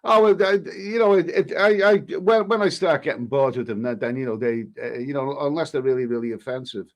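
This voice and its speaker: A man, a travel vlogger, casually reading viewer comments aloud and answering them in a halting way with many restarts. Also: medium pitch. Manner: halting, frequent restarts, reads comments aloud then replies. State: coughing now and then. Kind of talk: casual live-stream chat.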